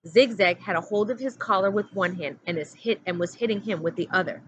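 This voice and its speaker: A woman teacher reading a chapter book aloud in a steady, plain narrating voice. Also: mid-range voice, fairly quick. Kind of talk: storybook read-aloud. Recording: dull lo-fi audio with faint hum.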